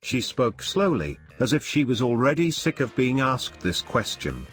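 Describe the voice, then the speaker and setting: Guy reading fanfic out loud, super lively voice, bit of music in the back. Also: mid-range voice, normal speed, few pauses. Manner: expressive storytelling. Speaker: fanfiction reader.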